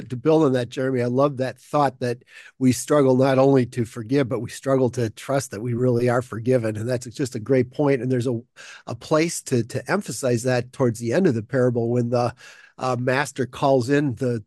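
Man, mid-pitched, explanatory, dry close sound; scripture panel. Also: steady tone, normal speed, a little mellow, dry recording. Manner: explanatory, building on points. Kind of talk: discussion of a Bible parable.

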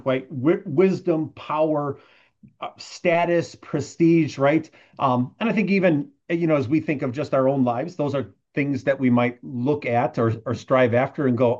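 A man's voice: a little high, normal speed, darkish tone, dull audio. A man giving a conversational verse-by-verse Bible teaching, often checking in with "right?" as he explains. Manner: conversational, tags points with "right?".

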